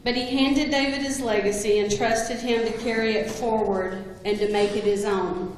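In her eulogy for a man she worked with for years, a woman recounts amusing stories about him. There's a slight hiss or hum over her medium-pitched voice, and the hall around her is very echoey with long reverb.

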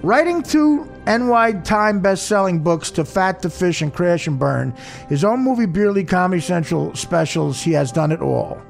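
Male host, high and gravelly, teasing, stumbles when reading aloud. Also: expressive, faint music behind. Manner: teasing, reads aloud haltingly. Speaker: podcast host. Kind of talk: casual chat.

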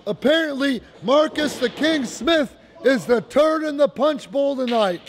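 A man giving excited, folksy play-by-play commentary on a wrestling match, repeating phrases for emphasis. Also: extremely high pitch, measured pace. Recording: noisy live recording.

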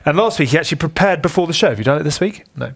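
A man's voice: a little high, animated, racing, gravelly, a bit bright. A man hosting a podcast, leading segments and teasing his co-host. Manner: teasing, presenter-like. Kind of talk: presenting a show segment.

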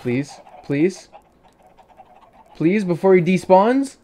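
Man, gaming commentary, slow-paced, exasperated, pleading, jokey. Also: mid-range voice, lively intonation, warm tone. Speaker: gaming youtuber. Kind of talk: let's play commentary.

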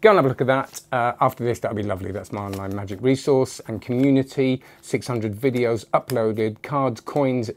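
A man hosting a casual magic review. He talks in a rambling, chatty way, jumping between thoughts and restarting his sentences. His voice sits at an ordinary middle pitch. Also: darkish tone. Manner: rambling, self-interrupting.

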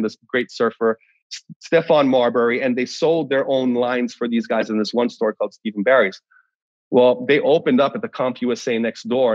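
A middle-aged pastor from Hawaii giving a leadership talk, telling a story in an animated way and acting out the dialogue. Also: male voice, mid-range voice, no echo. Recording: slightly muffled dry sound.

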